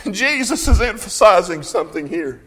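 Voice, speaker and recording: A man preaching a fervent sermon at a church service, reading scripture in King James wording and rising to shouts at his peaks. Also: sits high, very animated, normal speed, husky. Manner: impassioned, swells to shouting at peaks. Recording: long hall reverb.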